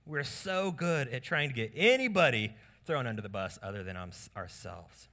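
A male pastor delivers a sermon with a bright, forward tone. He preaches in an animated way and slips into quick voices for the lines he quotes. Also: mid-range voice.

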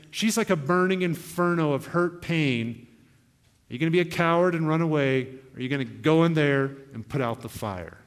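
A young male pastor preaching an earnest, exhorting sermon to his church. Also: on the high side. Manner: earnest, exhorting, with quoted asides. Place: church hall. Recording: long hall reverb.

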